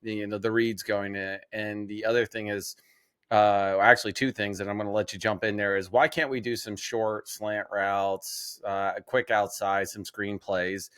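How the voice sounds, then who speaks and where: A man's voice: on the low side, flat delivery, unhurried, fairly bright tone, smooth, no room sound, clean studio sound. A man co-hosting a sports podcast in casual chat, jokey and steering the topics, often restarting his sentences. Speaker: podcast co-host.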